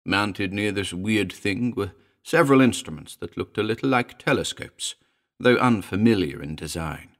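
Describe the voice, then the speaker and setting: A man reading a first-person story aloud as an audiobook narrator, in a measured storytelling manner. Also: lowish voice, expressive, a bit bright.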